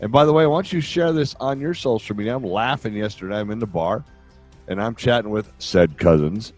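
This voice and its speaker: A man's voice: fairly low pitch, fairly quick, darkish tone, faint music behind. An older man hosting a podcast, giving relationship advice in a rambling, joking way that keeps wandering off on tangents. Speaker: podcast host. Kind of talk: casual advice monologue.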